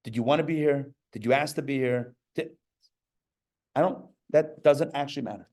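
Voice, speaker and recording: A man giving a lively sermon as a rabbi at a live class, talking in an animated way with joking asides and acted-out quotes. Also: mid-range voice, normal speed. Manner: animated, acts out quoted voices, jokey asides. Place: live class before an audience.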